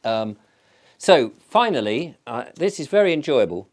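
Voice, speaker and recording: Male host, relaxed and digressive, chats like he's spinning yarns to friends. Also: medium pitch, a little slow. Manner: digressive storyteller, chatty with many fillers. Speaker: channel host. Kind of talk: casual rambling vlog chat.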